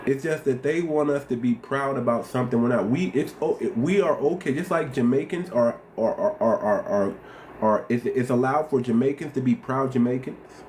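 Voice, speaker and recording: A man's voice: medium pitch, moderate pace, darkish tone, slight background noise. A man hosting a livestream, talking passionately with lots of repetition and rhetorical questions. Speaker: host. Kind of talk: casual livestream commentary.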